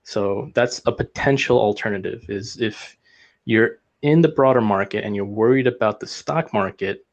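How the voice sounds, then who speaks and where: A man's voice: lowish voice, moderate pace, dull audio. A man speaking as a guest in a casual market discussion, explaining earnestly and sometimes losing his thread.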